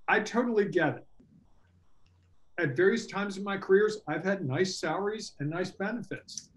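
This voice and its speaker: A middle-aged man coaching entrepreneurs in a casual workshop talk, earnest and animated, acting out quoted dialogue. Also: sits high, normal speed. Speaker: workshop presenter and business coach.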